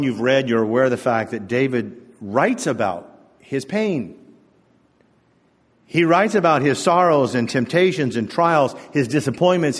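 A man's voice: mid-range voice, breathy edge. A male pastor giving a sermon to his congregation in a church, telling stories in a conversational, humorous way. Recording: echoey church hall.

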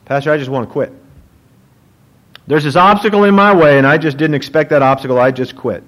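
A man's voice: fairly high pitch, brisk, fairly bright tone, lightly acted. A man voicing a discouraged churchgoer complaining to his pastor that he wants to quit. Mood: whiny.

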